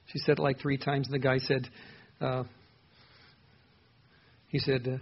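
A man's voice: medium pitch, steady tone, moderate pace, gravelly, pauses often, slightly rough, lo-fi sound. A man preaching a sermon in an earnest, conversational way, acting out quotes as he goes. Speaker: pastor.

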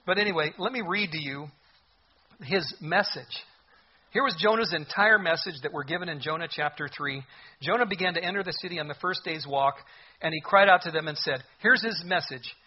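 A man preaching a sermon in an animated way, with sudden loud bursts and mocking asides. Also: on the high side, a little fast, slightly rough, muffled recording. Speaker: pastor.

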